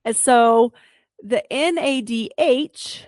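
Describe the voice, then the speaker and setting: A woman's voice: fairly high pitch, slow pace, darkish tone, dry recording, studio quality. A female podcast host, explaining biology plainly in a casual, chatty solo talk.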